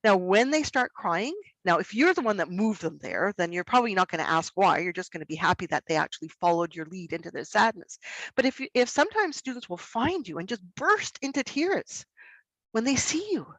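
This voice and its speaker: A middle-aged woman presenting a workshop for educators in an expressive way, acting out examples in her voice. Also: medium pitch, brisk, dry recording, poor audio. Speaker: workshop presenter on student behaviour. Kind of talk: educational webinar talk.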